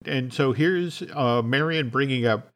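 Male podcast host, animated script reader, middling voice. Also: medium pitch, measured pace. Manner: animated storytelling with restarts. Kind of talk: reading a film script aloud.

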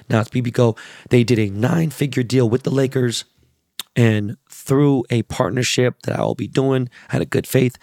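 A middle-aged man hosting a casual solo podcast, hoarse from losing his voice, talking in a loose, profane, hyped way with plugs and shout-outs. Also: medium pitch, no echo, studio quality. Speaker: podcast host.

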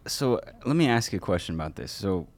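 A man's voice: lowish voice, sing-song, a little fast, no room sound. A man co-hosting a casual chat, cracking sarcastic jokes. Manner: sarcastic, joking. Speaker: podcast co-host.

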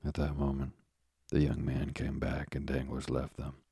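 A male narrator reading a bedtime story in an extremely low, flat, gravelly voice. His tone is dark and husky, and the recording is dry and close. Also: moderate pace, no room sound.

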